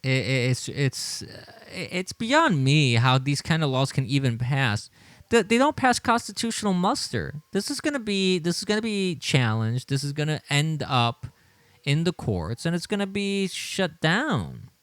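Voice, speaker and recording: A man's voice: a little high, big pitch swings, moderate pace, fairly bright tone, no room sound. A man hosting a political livestream, talking with indignation, often repeating his words and chuckling as he reads the chat. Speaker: livestream show host.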